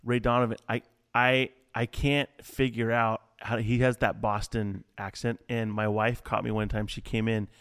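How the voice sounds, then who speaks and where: A man's voice: on the low side, flat delivery, normal speed, hardly any pauses, a bit bright, clean tone. A man in casual podcast chat, telling small anecdotes in a chatty way.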